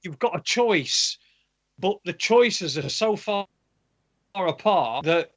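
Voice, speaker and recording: A man's voice: high-pitched, expressive, takes it slowly, fairly bright tone. A man in casual conversation, talking hesitantly and repeating his words as he builds a point. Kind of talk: casual chat.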